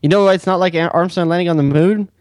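An American man co-hosting a casual soccer podcast, with a wry, teasing way of slipping in quick quips. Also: high voice, darkish tone. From United States. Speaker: podcast co-host.

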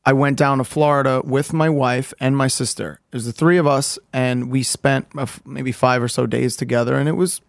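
A man on a podcast recounting a painful family story in a halting, candid way, restarting sentences and swearing casually. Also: mid-range voice, fairly even intonation, creaky, dry recording, clean studio sound. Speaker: podcast co-host.

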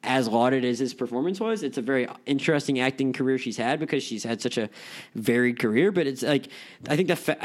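A young man hosting a casual film podcast, rambling with lots of fillers and restarts. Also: mid-range voice. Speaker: podcast host.

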